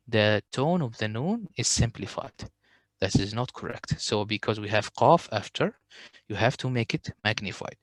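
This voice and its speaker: A smooth-voiced man teaching recitation. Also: mid-range voice, no room sound. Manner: patient explaining, recites Arabic examples slowly; hesitant when answering questions. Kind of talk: online tajweed lesson.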